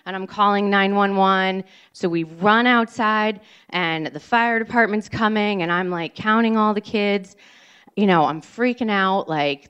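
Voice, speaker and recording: A woman telling a personal story on stage, animated and breathless, acting out quotes. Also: mid-range voice, unhurried, smooth, lo-fi sound.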